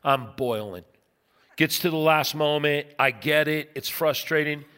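A man's voice: on the high side, a little slow, smooth. A pastor in his fifties preaching a sermon, telling a personal story with acted-out voices. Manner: animated storyteller, acts out voices. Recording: long reverb in a large hall.

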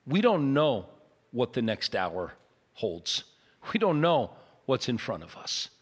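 A man preaching a sermon as pastor, earnest and emphatic, softening into a quiet prayer. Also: mid-range voice, sing-song, slow, breathy edge. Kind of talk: sermon with altar call. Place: large church auditorium. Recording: long church hall reverb.

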